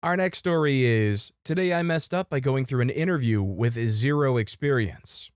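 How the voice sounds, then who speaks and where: Man narrator, smooth clear voice, dry close mic, playful story reading. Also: mid-range voice, normal speed, hardly any pauses, no room sound. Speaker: host and narrator. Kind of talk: reading online stories aloud.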